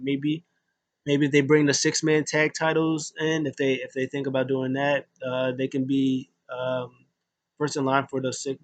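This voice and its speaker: A man's voice: mid-range voice, no room sound. A young man casually recapping a wrestling show, rambling with many fillers and restarts.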